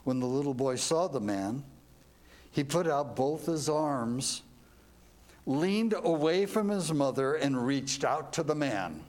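A man's voice: on the high side, a little mellow. A man telling a devotional story as a sermon, earnest and reflective, ending with questions to his listeners. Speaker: preacher.

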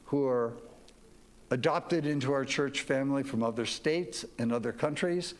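A man's voice: mid-range voice, moderate pace. A man preaching a sermon as pastor, folksy and leading the congregation to repeat lines after him.

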